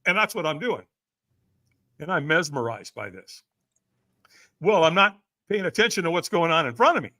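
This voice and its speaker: A middle-aged man tells a personal story as a podcast guest in a high, forceful voice. His pitch leaps around as he acts out what other people said. The telling stays animated from line to line. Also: normal speed, long pauses. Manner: acts out quoted voices with big swings.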